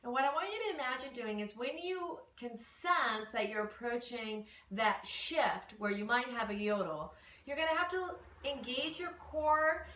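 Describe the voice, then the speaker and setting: A woman voice teacher explaining singing exercises in a relaxed way, with fillers. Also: fairly high pitch, normal speed. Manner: relaxed explaining with fillers, demonstrates vocal slides. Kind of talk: instructional lesson. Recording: echoey room, mic at a distance.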